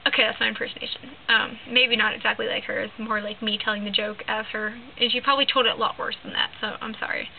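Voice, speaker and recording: A woman's voice: fairly high pitch, steady tone, quick pace, creaky, few pauses. A teenage girl vlogger telling a long joke to the camera in a rambling way, full of "like" and "um". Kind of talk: casual storytelling to camera. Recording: lo-fi phone-like sound with faint hiss.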